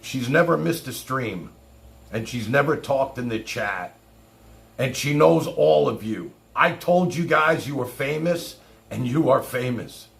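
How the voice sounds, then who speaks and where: A man's voice: mid-range voice, lively intonation, a little slow, creaky. A man hosting his own livestream, talking casually in a boastful, rambling showman's way. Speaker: livestream host.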